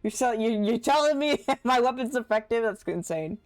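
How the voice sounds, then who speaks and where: A woman's voice: on the high side, animated, normal speed, dry recording. A woman streamer reacting to a game live, with incredulous asides to her viewers. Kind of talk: live gameplay commentary.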